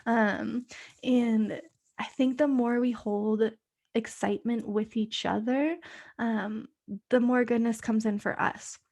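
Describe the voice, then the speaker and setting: A woman hosting her own podcast, talking casually on her own, full of fillers and swearing, and sometimes dropping to a soft whisper. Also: fairly high pitch, fairly even intonation, slow. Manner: chatty, many fillers, frequent swearing. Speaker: podcast host. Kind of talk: casual solo podcast monologue.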